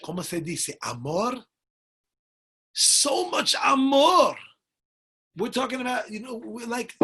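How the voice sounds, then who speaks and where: Animated husky rabbi teaching. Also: male voice, on the high side. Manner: animated, acts out voices, drops in Spanish words. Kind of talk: Torah class with Spanish asides.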